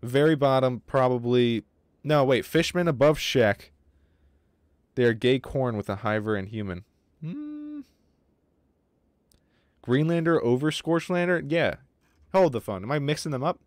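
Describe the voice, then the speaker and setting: A man streaming a game live, with casual, excitable commentary, lots of swearing and remarks aimed at his chat. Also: medium pitch, measured pace, long pauses, dry recording, clean studio sound. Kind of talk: casual livestream gaming commentary.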